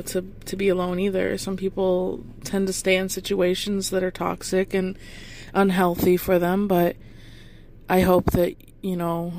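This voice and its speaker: A woman talks on her own podcast in a loose, rambling way, turning goofy and playful as she hypes up her listeners. Her voice has a mellow, relaxed tone. She showers the audience with encouragement. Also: on the low side, slight background noise. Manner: affectionate, encouraging. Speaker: podcast host. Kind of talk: casual motivational monologue.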